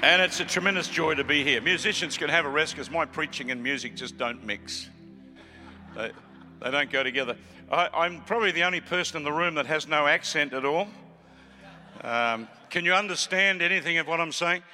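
A seventy-something Australian preacher with a bright, cutting voice pitched a touch high, chatty and joking before he rises into fervent calls. His voice rolls around a big hall with a long echo. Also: a little fast, soft background music. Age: 70s. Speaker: guest preacher. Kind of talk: sermon with joking banter.

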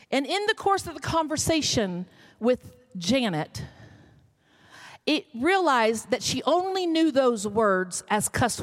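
A woman's voice: high-pitched, a bit bright. Woman pastor telling a sermon story. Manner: storytelling, rising to emphatic calls.

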